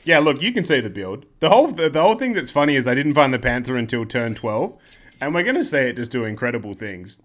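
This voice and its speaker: A man's voice: mid-range voice, sing-song, fast, fairly bright tone. A man hosting casual game commentary, rambling and joking and often interrupting himself. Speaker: gaming video host.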